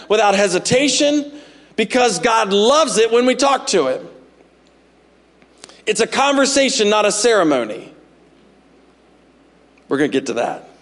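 A man preaching a sermon as pastor, animated and jokey, acting out little scenes in voices. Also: high voice. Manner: animated, jokey, acts out parents and God in voices.

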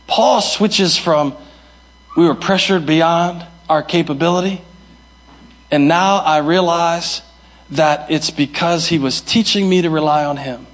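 A man preaching a sermon as pastor, moving between sudden high shouts and soft low asides, and acting out the voices of people he quotes. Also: a little slow.

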